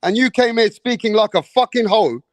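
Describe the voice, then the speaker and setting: A man with a high-sitting voice hosts a live online show at a moderate pace, with no echo on the recording. He's in the middle of a heated rant, exasperated and profane, repeating "bro" and "man" over and over.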